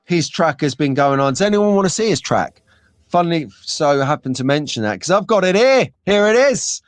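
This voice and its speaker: Chatty, excitable man hosting a live stream. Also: a little high, normal speed, dry recording. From England. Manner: chatty and excitable, gets frantic and loud at times. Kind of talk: casual live chat reading viewer comments.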